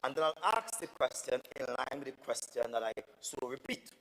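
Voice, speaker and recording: Man, Tobagonian accent, assemblyman, indignant, emphatic, mid-pitched, long reverb of an assembly chamber. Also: lively intonation, brisk, creaky, fairly bright tone. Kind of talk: parliamentary debate.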